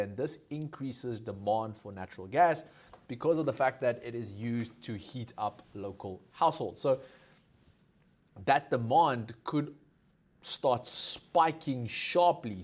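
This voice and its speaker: A man's voice: mid-range voice, a little mellow. South African man giving live market commentary. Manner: conversational, lots of fillers, asks viewers for comments. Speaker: market analyst host.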